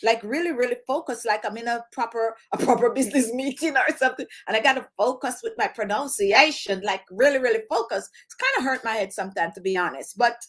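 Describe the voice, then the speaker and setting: A woman's voice: fairly high pitch, fast, hardly any pauses, a bit bright. A woman from Jamaica with a Jamaican accent, hosting her beauty channel in casual chat to camera, dropping her H sounds and repeating phrases for emphasis.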